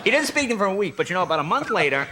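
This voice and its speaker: A high-voiced man in his late thirties tells stories on a talk show at a rapid clip, his pitch leaping about as he acts out everyone in them. The studio audio carries a noticeable hiss. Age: late 30s. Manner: animated, acts out quoted voices, quick and excitable. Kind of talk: comic storytelling on a talk show. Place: TV studio with a live audience.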